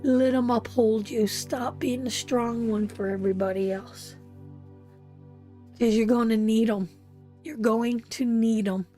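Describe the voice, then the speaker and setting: A woman with a slightly high voice and a dark tone gives an emotional live tarot reading, speaking tenderly and directly to her viewers.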